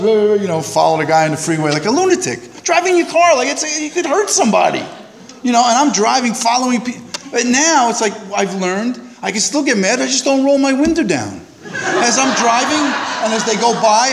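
A man sharing at a recovery meeting, telling a self-mocking, animated story that rises loud and high at the funny parts. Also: brisk, big-room sound, a little hiss or hum. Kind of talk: storytelling share.

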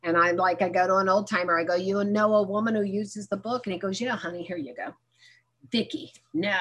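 A woman's voice: a little high, fairly bright tone, husky. A middle-aged woman candidly telling her own recovery story, mixing humor into a personal testimony.

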